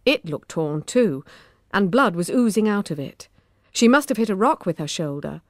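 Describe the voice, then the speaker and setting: A woman with a British accent narrating a children's audiobook in an expressive, measured way on a close studio mic. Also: mid-range voice, dry recording.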